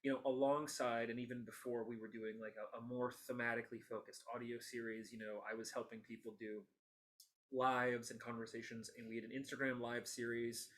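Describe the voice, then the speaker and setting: An enthusiastic man hosts a relaxed interview, chatting freely and laughing along with his guest. His voice sits at an ordinary middle pitch, and he speaks in long, meandering thoughts. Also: brisk. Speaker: podcast host. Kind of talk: casual interview conversation.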